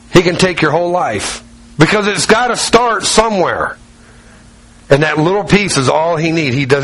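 A middle-aged man preaching a sermon with a slightly high voice. He talks conversationally, repeating phrases for emphasis and asking his listeners direct questions as he works through his anecdotes. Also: fairly bright tone, rough recording. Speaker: pastor.

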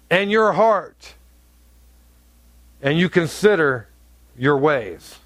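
Here a pastor's voice is high-pitched and fairly bright, recorded without any room sound. He delivers his sermon emphatically, playing out the different voices in his examples as he goes.

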